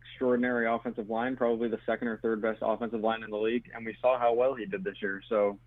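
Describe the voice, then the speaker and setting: Fast-talking male caller on a phone line. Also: on the low side, little pitch movement, no room sound. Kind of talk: casual sports talk.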